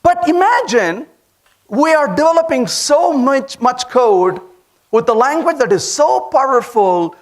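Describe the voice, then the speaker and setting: A man with an Indian accent giving a lively conference talk, telling stories and asking the audience questions. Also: very high-pitched, a little slow. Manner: animated storytelling, asks the audience questions. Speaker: conference speaker. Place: conference hall.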